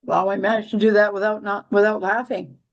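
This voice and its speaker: A woman's voice: medium pitch, level tone, a little fast, lo-fi sound. A woman hosting a casual astrology chat, rambling with many restarts and dry, giggly humor. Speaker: astrology podcast host.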